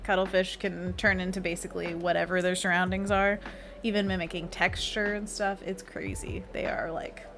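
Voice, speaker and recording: A woman's voice: fairly low pitch, little pitch movement, normal speed, a bit bright. Bubbly giggly woman streaming her drawing. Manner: bubbly, giggly, chatty, reads chat aloud. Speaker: art livestream host. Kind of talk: casual livestream chat while drawing. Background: faint background music.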